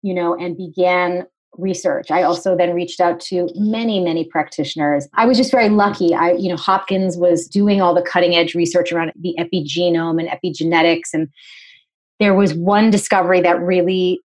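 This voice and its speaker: Low-voiced storytelling woman guest. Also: moderate pace, low-quality recording. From New England. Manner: animated storyteller, acts out quoted dialogue; articulate, explanatory. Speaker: podcast guest, nutritionist and author. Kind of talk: conversational storytelling interview.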